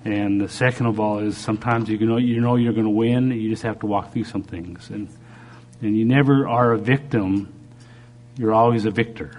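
A middle-aged man preacher giving a halting, earnest personal testimony during a sermon while recovering from a stroke. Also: lowish voice, fairly even intonation, a little mellow, a little hiss or hum. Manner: earnest, halting, with frequent restarts.

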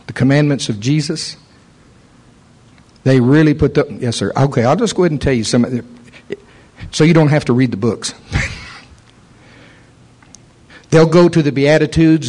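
A man preaching a sermon and telling a story, acting out the voices of the people he quotes. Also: medium pitch. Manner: animated, acts out quoted voices.

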